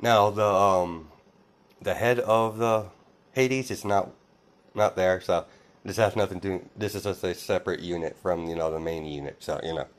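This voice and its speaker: A man's voice: low-pitched, normal speed. A young man casually retelling a fan-fiction story, rambling with lots of fillers and restarts. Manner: quotes characters without doing voices.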